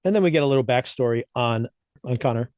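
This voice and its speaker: A man's voice: mid-range voice, expressive, fast talker, darkish tone, no echo, clean studio sound. A man co-hosting a podcast, chatting casually as he recaps and reviews TV episodes, laughing often between thoughts. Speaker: podcast co-host.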